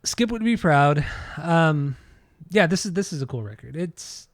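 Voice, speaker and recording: A man's voice: a little high, animated, unhurried, no echo, studio quality. An American man co-hosting a podcast in casual chat, rambling and trailing off when unsure. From United States. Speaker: podcast co-host.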